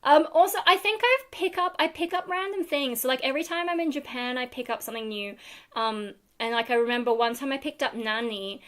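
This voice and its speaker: A woman's voice: on the high side, fairly bright tone. A woman from Australia with an Australian accent, chatting casually on a livestream with lots of fillers and giggles. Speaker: livestream host. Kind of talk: casual live chat answering viewers. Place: home room.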